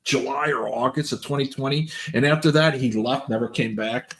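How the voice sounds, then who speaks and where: A man's voice: medium pitch, fairly even intonation, normal speed. A man in casual chat, rambling through a story with repeated words and frequent laughs. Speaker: stream co-host.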